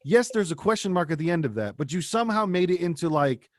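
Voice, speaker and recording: A man with a somewhat high voice co-hosts a casual podcast, telling stories and slipping into quoted voices with loose, profane energy. His voice sits close and dry on the mic. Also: fast, no room sound. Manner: animated storytelling, acts out quotes, profane. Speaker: podcast co-host. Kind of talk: casual chat.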